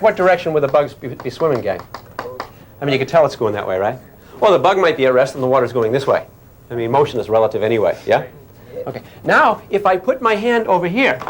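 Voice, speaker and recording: A man's voice: fairly high pitch, slight background noise. An older man giving a physics lecture to a class in a playful way, often asking questions and making sound effects.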